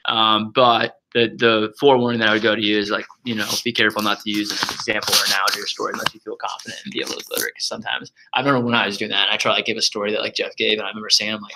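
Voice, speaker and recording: A young man coaching sales reps in a casual walkthrough, energetic and loud, full of "like" and "um" fillers. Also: on the low side, racing, low-quality recording. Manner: energetic and loud, says so himself, many fillers. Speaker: sales trainer.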